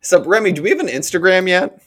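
A young man hosting a casual sports podcast, steering the chat in a relaxed, joking way. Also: high-pitched, quick pace, no echo, studio quality. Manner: relaxed, joking, leads the talk. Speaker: podcast host.

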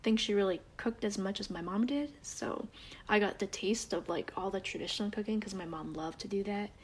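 This is a Canadian woman in her thirties in easy casual chat. Her voice is airy and a bit breathy at a middle pitch. She rambles, restarts often and acts out the people she quotes. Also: a little fast.

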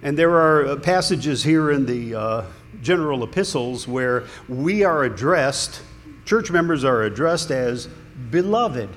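A man's voice: mid-range voice, expressive, unhurried. A man preaching a sermon in a conversational, earnest way, with small restarts. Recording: long hall reverb, faint room noise.

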